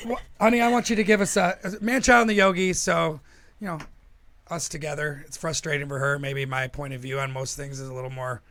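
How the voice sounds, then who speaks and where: A man's voice: on the high side, fairly even intonation, fairly quick, a bit bright. A man co-hosting a casual podcast, venting in a frank way and swearing freely. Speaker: podcast co-host.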